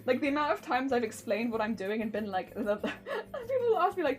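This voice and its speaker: A woman's voice: sits high, big pitch swings, fairly quick, faint music behind. A woman streamer chatting casually while sewing, bubbly and rambling, laughing often.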